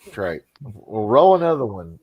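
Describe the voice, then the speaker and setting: A man's voice: fairly low pitch, big pitch swings, moderate pace, husky, muffled recording. A man hosting a casual live stream, talking in a loose, joking and profane way. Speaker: host.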